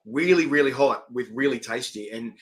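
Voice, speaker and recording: A man, hosting a casual interview and telling animated stories. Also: medium pitch, moderate pace. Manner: chatty storyteller, animated, acts out quotes. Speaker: interviewer and chilli event organiser. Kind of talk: casual chat. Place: online video call.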